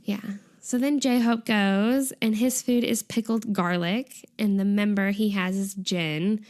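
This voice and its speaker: A young woman in a relaxed co-hosted chat, walking through scenes from a variety show. She talks in a loose, chatty way, dropping fillers and laughing at the funny parts. Her voice sits at an ordinary middle pitch. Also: takes it slowly. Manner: chatty, giggly, lots of "like" fillers. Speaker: podcast co-host.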